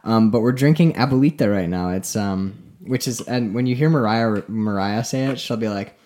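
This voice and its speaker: A man's voice: fairly low pitch, normal speed, mellow. A man co-hosting a casual podcast, rambling with many fillers and restarts. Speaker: podcast co-host. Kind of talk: casual chat.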